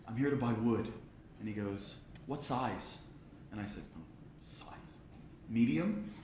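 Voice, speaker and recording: A man's voice: lowish voice, a little hiss or hum. Joking storyteller man in an echoey hall. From United States. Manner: storytelling with jokes, acting out dialogue. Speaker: speaker at a charity event. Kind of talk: humorous talk turning to a Torah lesson. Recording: echoey room with faint ambience.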